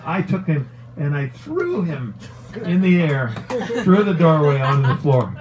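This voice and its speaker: A middle-aged man, a former hockey player, tells a long story in a casual, animated way, swearing and laughing as he goes. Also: a little high, moderate pace, a little hiss or hum, rough recording. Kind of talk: casual storytelling on a talk show.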